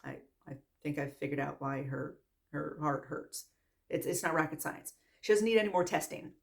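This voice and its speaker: A woman's voice: deep voice, normal speed, creaky. A woman in her thirties teaching nursing students in a casual, blunt way. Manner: blunt, lively, quotes students in put-on voices. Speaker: nursing instructor.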